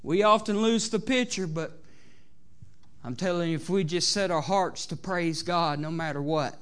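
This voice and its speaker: Southern US male pastor, high voice, sermon delivery, swings loud to soft, frequent amens. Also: normal speed, clear, resonant tone. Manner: preachy, rising and falling between loud exhortation and soft asides, many "amens". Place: church sanctuary.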